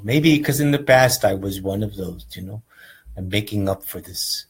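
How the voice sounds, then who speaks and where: Husky-voiced man teaching meditation. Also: on the low side, steady tone, moderate pace, low-quality recording. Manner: rambling, earnest, keeps asking "right?". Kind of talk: casual spoken lesson.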